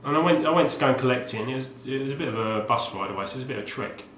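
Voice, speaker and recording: In this casual video, a man who vlogs about collecting retro games chats about a recent game purchase in a medium-pitched, animated, slightly bright voice, rattling along rapid-fire. His talk wanders, packed with fillers and false starts. Faint hum and roomy echo sit in the background.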